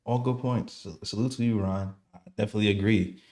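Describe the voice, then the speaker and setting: A man's voice: on the low side, fairly even intonation, quick pace, dark tone. A man hosting a live sports fan show, chatting in a laid-back way and laughing easily. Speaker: show host. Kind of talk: casual live show chat.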